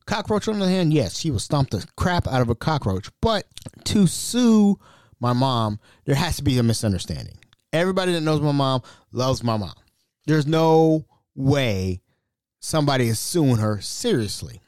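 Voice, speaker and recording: A man hosting a podcast, telling a family story in a casual, animated and exasperated way. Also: mid-range voice, moderate pace, no room sound, clean studio sound. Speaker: podcast host.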